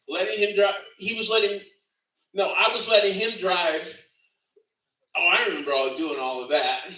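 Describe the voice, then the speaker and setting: A man's voice: fairly high pitch, sharp tone. A middle-aged man giving a rambling funeral eulogy, laughing through his stories and correcting himself as he goes. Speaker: eulogy speaker. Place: funeral service venue. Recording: echoey room, distant mic.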